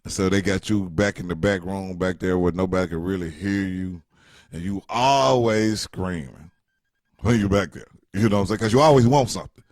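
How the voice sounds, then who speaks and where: A man's voice: sits low, fast, darkish tone, no room sound, studio quality. A middle-aged man telling a rambling, joking story in casual slang. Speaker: vlogger.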